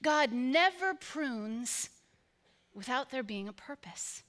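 A woman's voice: high voice, animated, slow, fairly bright tone. A woman pastor preaching a sermon to her congregation, with an emphatic, repetitive cadence.

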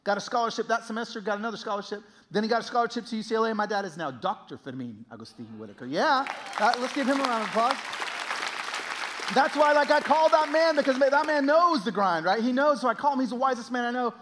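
Young male pastor, high lively voice, animated storyteller on stage. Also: quick pace, a crowd in the background, background noise. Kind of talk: sermon.

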